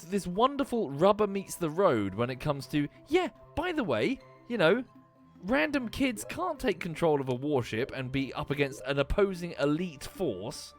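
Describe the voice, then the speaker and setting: Animated, swearing streamer in his thirties. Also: high voice. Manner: animated, swearing, frequent restarts. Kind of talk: casual rambling chat.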